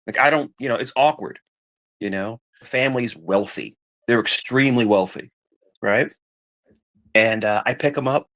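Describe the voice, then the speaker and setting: In a casual chat, a middle-aged podcast guest rambles through family stories, repeating himself and voicing the people he quotes. His mid-range voice moves at a moderate pace, a bit bright, with long pauses.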